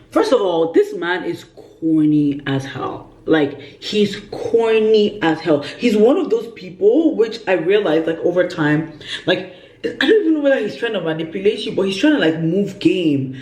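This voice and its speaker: Animated woman telling a dramatic story. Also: on the low side, normal speed. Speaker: vlogger. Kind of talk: storytime vlog. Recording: roomy echo.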